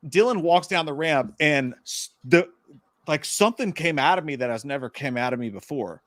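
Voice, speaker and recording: A man co-hosting a casual livestream, telling stories with lively, loud bursts of impressions. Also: fairly high pitch, moderate pace, dry recording. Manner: animated storytelling with loud shouted impressions. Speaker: podcast co-host.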